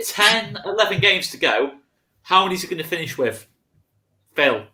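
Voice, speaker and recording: Male host, bright forceful voice, a bit high, casual football banter. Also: sing-song, normal speed. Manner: chatty, repeats "to be fair".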